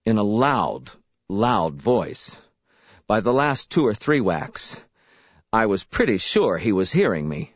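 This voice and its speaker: A male audiobook narrator who reads a first-person story slowly and with a wide, lively melody. His voice sits on the low side. The recording is dry and a little muffled. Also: no echo. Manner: expressive, unhurried storytelling. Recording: slightly dull dry recording.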